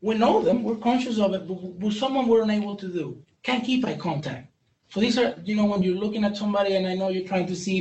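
High-voiced and fast-talking, this man has a darkish tone and is captured in lo-fi sound in a roomy space with a distant mic and faint noise. He trains police on brain injury before a live audience, joking candidly while stumbling and restarting frequently.

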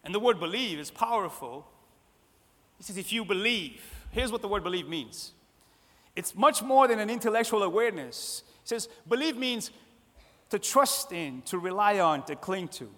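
A man preaching a sermon, repeating phrases and swinging between loud emphatic lines and soft, hushed ones. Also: sits high, animated, normal speed. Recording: long hall reverb.

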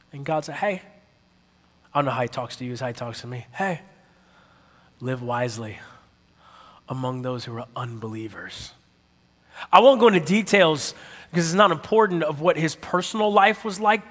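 A man preaching a sermon, telling a story with lively energy and calling out to his audience. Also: mid-range voice. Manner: animated storytelling, calls out to the audience. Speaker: pastor. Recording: long hall reverb.

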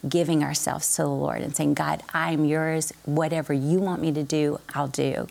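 A middle-aged woman speaks as a podcast guest, earnest and full of faith as she tells her family's story. Her voice sits very low with a gravelly, creaky texture. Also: fairly even intonation, normal speed, mellow. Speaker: guest, author of a book on blended families. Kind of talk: faith-based podcast interview.

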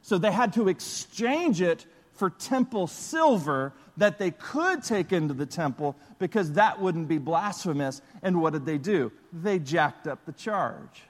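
A man preaching a sermon as pastor, telling stories in an animated, lively way. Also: sits high, unhurried, few pauses. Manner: storytelling, animated, excitable bursts. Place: church auditorium. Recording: long reverb of a large hall.

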